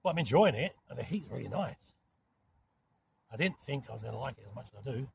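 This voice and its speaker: A camping vlogger from southern England, with a gravelly, medium-pitched, expressive voice and a southern English accent, talks casually to camera from inside a small, hot tent in woodland. He rambles and chats, dropping in mild swearing followed by quick apologies. Slight background noise and soft outdoor ambience are faintly audible behind him.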